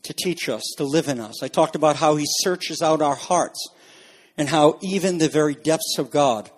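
A man preaching a sermon as a pastor, earnest and explanatory, pushing his voice higher for emphasis. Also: moderate pace. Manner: earnest, rises in pitch for emphasis. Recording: long reverb in a large room.

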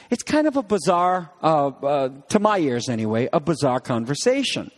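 A man's voice: fairly high pitch, big pitch swings, moderate pace, few pauses, in a large hall. A man preaching a sermon as pastor, in a conversational way with frequent restarts, acting out lines of dialogue.

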